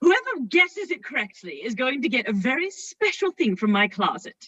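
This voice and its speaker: A bright, dry voice for a vain, needy nephew hosting a party, played by a performer. He giggles and rambles, showing off to his guests. The sound is a little dull. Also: high voice, very animated, normal speed, breathy edge, no echo, exaggerated voice. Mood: giggly. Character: vain, needy male nephew host Fred. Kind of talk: drunken improv stage comedy.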